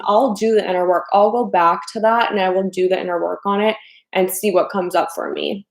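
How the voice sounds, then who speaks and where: A woman hosts a casual livestream as a life coach. She talks chattily, with lots of "like" and "you know", and slips into the voices of the people she quotes. Her voice sits at a middle pitch and rings in a roomy space. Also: steady tone, moderate pace. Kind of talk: casual livestream talk to viewers.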